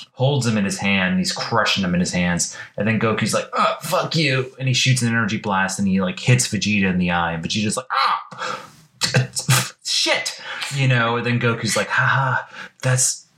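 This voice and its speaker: A man's voice: fairly low pitch, a bit bright. A man in casual chat, recounting a story in a rambling, playful way full of filler words. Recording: echoey room.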